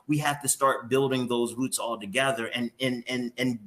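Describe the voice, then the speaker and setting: A man's voice: mid-range voice, steady tone, normal speed, fairly bright tone. A man hosting a morning show interview who talks candidly and openly emotionally, with some casual swearing.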